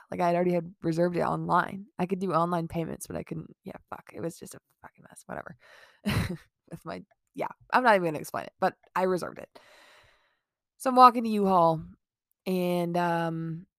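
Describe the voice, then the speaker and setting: A young woman vlogger telling a casual storytime in a lowish voice with a gravelly edge. She rambles through it with constant "like" fillers, swearing and bursts of laughter. The sound is dry and close, with no room echo. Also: fairly bright tone.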